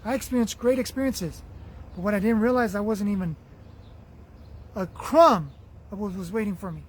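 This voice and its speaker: Man, very high-pitched, earnest spiritual livestream host, warm repetitive delivery, voice fading. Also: normal speed, breathy edge. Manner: earnest, affectionate, repetitive phrasing. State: losing his voice. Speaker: livestream host reading viewer comments. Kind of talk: spiritual motivational livestream talk.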